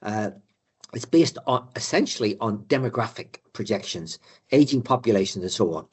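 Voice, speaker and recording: Older male lecturer with a husky voice and a chatty, halting delivery, for a business course. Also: lowish voice, animated, a little mellow. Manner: conversational, many fillers and repeated words. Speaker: economic adviser lecturing finance directors. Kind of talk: live presentation to an audience.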